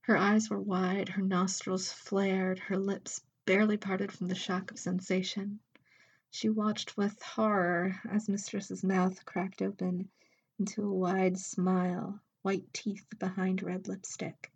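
A woman reading an intimate audio story aloud, softly and often at a whisper. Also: mid-range voice, little pitch movement, breathy edge, dull audio. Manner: soft, slow, often whispered. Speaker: narrator.

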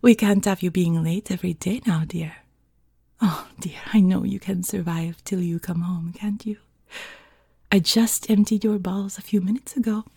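A woman's voice: fairly low pitch, fairly even intonation, normal speed, vocal fry, mellow, husky, no echo, clean studio sound. A woman voicing a seductive French housewife in a whispered role-play, with a put-on French accent and a teasing, giggly manner.

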